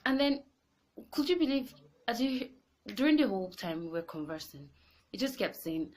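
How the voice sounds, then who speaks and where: A woman, telling a personal story in an animated, exasperated way. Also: on the low side, brisk, a little hiss or hum. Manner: animated, rising into exasperated outbursts. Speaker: vlogger. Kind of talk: casual storytelling to camera.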